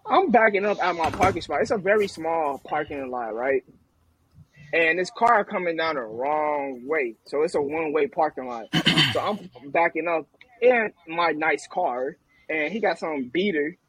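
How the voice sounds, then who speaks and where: A man co-hosting a podcast, telling a story in a loud, animated, profane way during a casual group chat. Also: fairly high pitch, normal speed, slightly rough, no room sound, poor audio. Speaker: podcast co-host.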